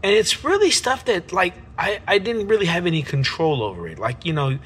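A man's voice: sits high, sing-song, a little fast, slightly rough. A man talking to camera in a reflective personal vlog, earnest and emphatic, using casual slang. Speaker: vlogger. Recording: music playing loudly behind the voice. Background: background music.

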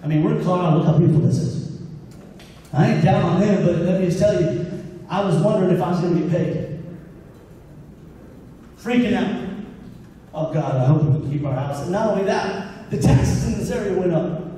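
A man preaches in a high, mellow voice. He talks to the congregation like a friend and acts out his own prayers. The sound is far from the mic, with a long hall reverb and faint room noise. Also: a little fast, long pauses. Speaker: pastor. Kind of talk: sermon. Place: church hall. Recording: echoey hall recorded from afar.

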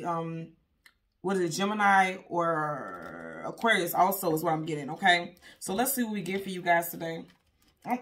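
Chatty woman reading tarot, candy in mouth. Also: mid-range voice. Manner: chatty, rambling, talks straight to viewers. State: talking with candy in her mouth. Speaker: tarot reader. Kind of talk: casual tarot reading to camera.

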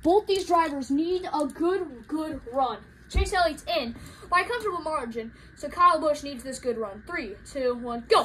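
A woman calling toy car races as commentator, rushed and excitable, rising to shouts at each finish. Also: high-pitched, background noise. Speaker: race commentator. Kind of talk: hobby race commentary.

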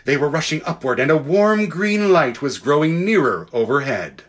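A man reading a children's fantasy book aloud in an expressive, lively way, with casual asides to listeners. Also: fairly high pitch, moderate pace. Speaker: audiobook reader. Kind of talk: storybook read-aloud.

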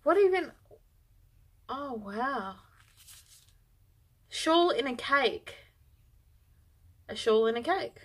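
A woman's voice: sits high, animated, extremely slow, pauses often, fairly bright tone. A woman vlogger chatting through an unboxing, bubbly and gushing, easily overexcited. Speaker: yarn vlogger. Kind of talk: casual unboxing chat.

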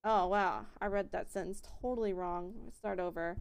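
A woman's voice: on the low side, steady tone, normal speed, vocal fry, hardly any pauses, clear, resonant tone. A young woman streamer chatting casually while playing a game and reading its text aloud. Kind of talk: let's-play commentary and reading aloud.

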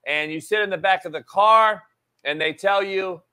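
A man hosting a live sports talk show, talking in an animated, emphatic way, swearing casually and hammering key points through repetition. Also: high voice, moderate pace, clean tone.

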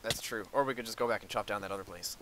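A man hosting a casual gameplay chat, excitable and quick to burst into shouts and laughter. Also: lowish voice, crowd noise. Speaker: let's play host.

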